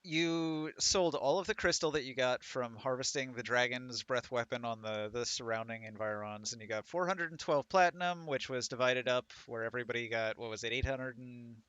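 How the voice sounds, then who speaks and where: A man's voice: mid-range voice, normal speed, fairly bright tone, dry recording. A man running a tabletop game as dungeon master, explaining rules and the game world in an easygoing way. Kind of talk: casual tabletop game chat.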